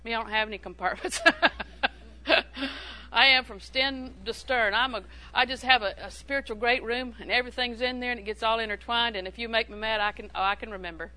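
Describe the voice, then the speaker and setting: A woman's voice: on the high side, fairly even intonation, brisk, pushed and bright, rough recording. A woman preaching a sermon in a humorous, conversational way, repeating phrases for emphasis.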